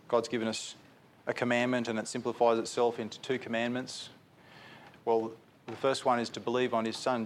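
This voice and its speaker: A man's voice: medium pitch, a little hiss or hum. A man preaching a sermon in an earnest, repetitive way, putting direct questions to his listeners.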